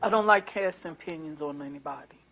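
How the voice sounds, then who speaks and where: A woman in her sixties, a prospective juror, answering questions in a courtroom in an earnest, soft-spoken, apologetic way. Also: low voice, fast talker, creaky. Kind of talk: answering jury selection questions.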